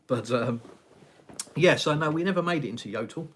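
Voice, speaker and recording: A man's voice: a little high, moderate pace, a little hiss or hum. Rambling English man hosting a live chat. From England. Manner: rambling, conversational, frequent fillers and sighs. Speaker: live stream host. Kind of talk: casual live chat reading viewer comments. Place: home, in Russia.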